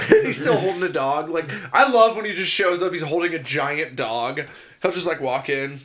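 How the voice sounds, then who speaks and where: A man co-hosting a casual podcast, retelling scenes in a rambling, excited way and swearing a lot. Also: on the high side, moderate pace, a crowd in the background. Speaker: podcast co-host. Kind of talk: casual chat.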